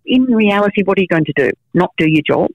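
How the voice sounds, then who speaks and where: A middle-aged investigative journalist, interviewed as a guest, tells frank stories with many fillers and restarts. She talks fast and expressively in a lowish, husky, darkish voice with vocal fry. There's no room sound, and the highs are cut off.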